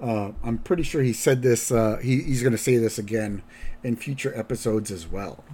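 Guy on a podcast rambling through an episode recap, mid-pitched voice, lots of restarts. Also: mellow, husky. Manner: rambling, halting, with fillers and restarts. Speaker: podcast host.

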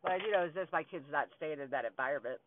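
A woman's voice: low voice, racing, slight background noise. A woman vents in a raw podcast monologue, swearing hard and ranting with heat. The sound is thin and phone-like, as if recorded over a tinny line. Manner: angry, heavy swearing, ranting. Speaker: podcast host. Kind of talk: venting monologue.

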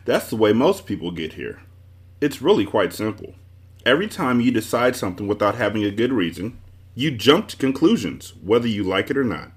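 A man's voice: fairly low pitch, big pitch swings, brisk. A man voicing a confused storybook man who swings between extremes and exclaims in a raised voice. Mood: excited, explaining. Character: confused man, both everything and nothing.

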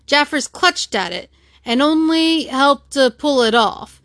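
A woman narrating a classic novel as an audiobook reader, steady and measured, close to the mic. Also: high voice, dry recording. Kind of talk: storybook narration.

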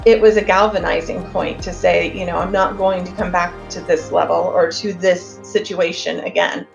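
A woman's voice: fairly low pitch, fairly even intonation, normal speed, gravelly, muffled recording, over music. A woman in an interview, speaking in a thoughtful, concerned way.

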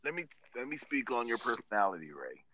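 Man, casual chat, teasing, animated, bright voice. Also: mid-range voice, quick pace, no echo.

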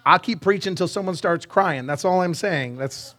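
A man preaches to his church with a high, ringing voice. He jokes with the congregation, calls for answers and sings short snippets of songs, speaking with a bright edge. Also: normal speed. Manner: lively, banters with the congregation and sings song snippets. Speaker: pastor. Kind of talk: live sermon. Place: church sanctuary.

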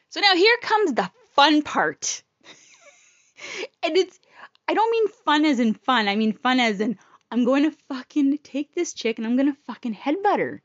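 A woman's voice: sits high, fairly bright tone, no room sound, lo-fi sound. A woman telling a personal story in a casual, blunt, profane and emotional way.

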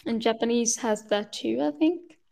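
Speaking English with a Swedish accent, this podcast guest, whose first language is Swedish, keeps stopping and restarting as she hunts for the right word in a relaxed chat. Her voice is slightly high, creaky and dark in tone.

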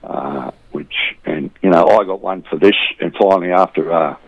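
A middle-aged Australian man with a lowish voice talks in a loose, rambling way, throwing "mate" into almost every line. The sound is dry and a bit muffled, with no room around it. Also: normal speed, no room sound. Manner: rambling, says "mate" constantly, blokey banter. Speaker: boxing community volunteer, interview guest. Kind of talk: casual interview chat.

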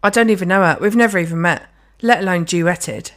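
A woman's voice: fairly low pitch, brisk, fairly bright tone. A woman, co-hosting a casual podcast chat, ranting with jokes and swearing. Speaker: podcast co-host.

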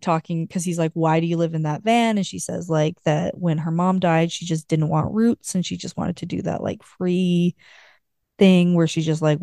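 A woman's voice: on the low side, vocal fry, dark tone, dry recording, clean studio sound. A woman co-hosting a podcast, casually recapping a book in a rambling way with lots of filler words. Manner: rambling retelling full of "like" fillers. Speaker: podcast co-host.

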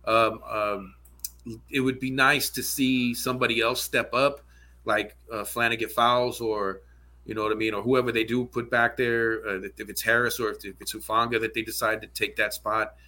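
A man's voice: mid-range voice, level tone, normal speed, pushed and bright. A man talking football in a loose, rambling way, often asking "you know what I'm saying" as he goes. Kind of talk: casual sports chat.

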